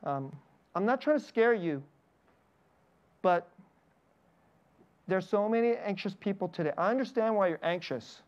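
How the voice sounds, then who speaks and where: A man in his thirties preaches to his congregation, moving between personal stories and scripture. He laughs lightly between lines and speaks plainly. The recording sounds a little dull and lo-fi. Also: high voice. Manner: personal storytelling with frequent laughs. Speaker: pastor. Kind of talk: sermon.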